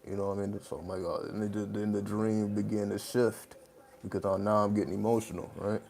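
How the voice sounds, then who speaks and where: A man's voice: fairly low pitch, level tone, brisk, creaky, darkish tone. A man hosting a casual livestream, talking in a loose, rambling way with lots of fillers and laughing between points. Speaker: livestream host.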